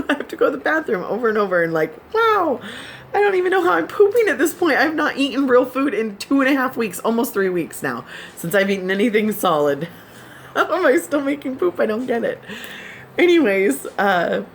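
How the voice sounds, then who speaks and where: A woman's voice: a little high, sing-song, brisk, slight background noise. A woman vlogger chatting casually with her viewers, giggling and laughing often as she tells her stories. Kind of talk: casual chat to subscribers.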